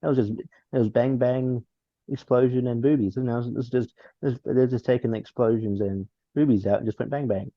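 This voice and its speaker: A film review podcast co-host rambles casually, with frequent restarts and laughs. His mid-range voice has fairly even intonation and a moderate pace, and the dull, dry lo-fi recording has no echo.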